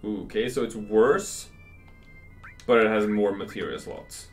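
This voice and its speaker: Man, lowish voice, casual game commentary co-host. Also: steady tone, a little slow, distant mic, soft background music, low-quality recording. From Sweden. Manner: explaining, chatty. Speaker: let's play host.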